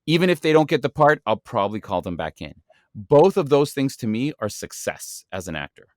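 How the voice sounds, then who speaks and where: A man's voice: medium pitch, big pitch swings, brisk, no room sound. Brief: male host, encouraging acting coach tone, dry close mic. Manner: earnest, encouraging, lesson-wrapping. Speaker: podcast host. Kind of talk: acting-coach podcast talk.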